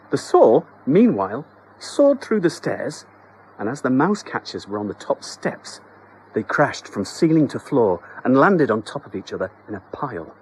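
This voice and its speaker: A man narrating a children's story in a scripted, expressive, comic storytelling manner. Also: medium pitch, a little hiss or hum, low-quality recording.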